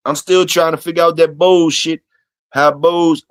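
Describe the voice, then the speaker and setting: A man's voice: fairly high pitch, steady tone, normal speed, clean tone, no echo. A man hosting a casual solo livestream, talking loosely and profanely to his chat and reading comments aloud. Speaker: livestream host.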